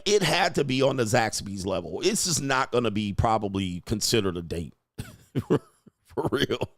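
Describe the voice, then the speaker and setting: A man's voice: medium pitch, fairly bright tone, no room sound. Mocking male reaction host, dry sound. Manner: mocking, preachy, laughs at clips. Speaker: commentary channel host. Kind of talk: reaction commentary.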